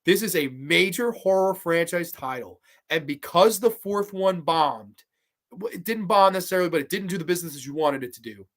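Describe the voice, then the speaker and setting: A man's voice: high voice, expressive, a little fast, a bit bright. A man hosting a horror movie show, ranting heatedly and profanely in a casual livestream and breaking into laughter as he reads viewer comments.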